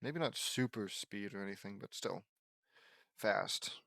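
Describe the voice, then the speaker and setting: A man's voice: lowish voice, measured pace, creaky, fairly bright tone, no echo. A man reading fan fiction aloud as an audiobook, breaking off for sarcastic, mocking asides with swearing. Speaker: audiobook reader.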